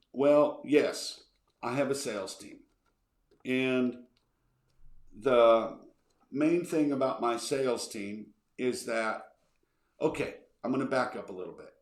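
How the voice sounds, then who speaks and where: A man's voice: medium pitch, echoey room. A man hosting a podcast, answering listener questions in a casual, rambling way, often repeating himself and checking in with "okay". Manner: energetic, repeats words, says okay a lot.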